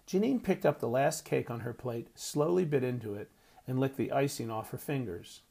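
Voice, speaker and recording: A man reading a story aloud as narrator, in measured, even storytelling. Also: mid-range voice, vocal fry, slightly rough. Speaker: audiobook narrator. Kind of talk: scripted narration.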